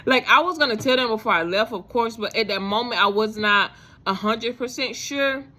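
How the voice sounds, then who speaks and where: A woman's voice: on the high side, normal speed, sharp tone. A woman vlogger telling a faith story to her viewers in a casual, rambling way, full of fillers and restarts.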